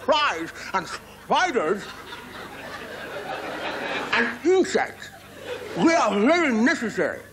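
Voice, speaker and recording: An Irish man voicing an earnest little male wide-mouthed frog who pleads in a high, squeaky, drawn-out voice. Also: big pitch swings, crowd noise, background noise, heavily acted.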